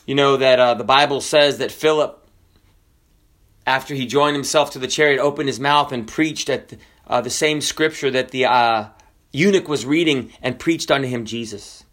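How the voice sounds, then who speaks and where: A man in his forties preaching a sermon as a pastor, telling stories in a conversational way with many fillers and swinging between quiet low asides and high excited bursts. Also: moderate pace. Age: 40s. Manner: conversational storytelling with frequent fillers.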